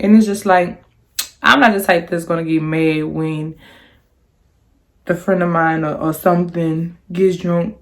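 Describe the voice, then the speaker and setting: A young woman telling a storytime in casual chat, rambling with lots of restarts and fillers, and jumping high in pitch when she quotes herself. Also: slight background noise. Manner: animated, jumps high on quoted lines. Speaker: storyteller vlogger.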